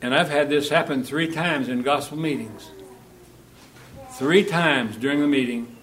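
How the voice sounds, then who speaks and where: A man preaching a sermon in a church, shifting between loud, emphatic Bible reading and quiet, direct questions to the congregation. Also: fairly high pitch, measured pace, slight background noise.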